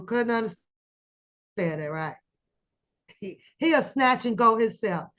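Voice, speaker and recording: Slow-talking animated woman commentator, lo-fi sound. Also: fairly high pitch. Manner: animated storytelling, acts out quoted voices. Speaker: commentary channel host. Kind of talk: casual drama commentary.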